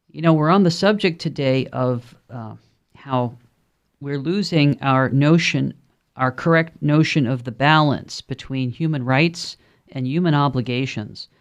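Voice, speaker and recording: A man with a Brooklyn accent hosting a call-in radio talk show, speaking in a conversational, rambling way with frequent ums and uhs. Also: medium pitch. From Brooklyn, New York.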